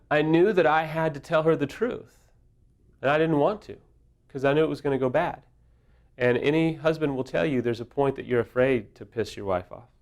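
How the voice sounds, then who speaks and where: Middle-aged man, recovery speaker; candid, humorous, vulnerable. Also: mid-range voice. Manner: self-deprecating, humorous, openly vulnerable. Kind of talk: candid casual teaching talk.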